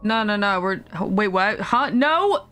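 A woman's voice: medium pitch, lively intonation, takes it slowly, a bit bright, soft background music. A woman hosting a casual livestream chat with friends, talking in a playful, rambling way full of filler words. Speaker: stream host.

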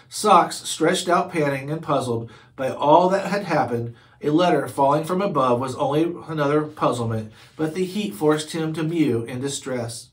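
A man reads a children's chapter book aloud. His narration is steady and clear, and his voice sits a little high for a man. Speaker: read-aloud host.

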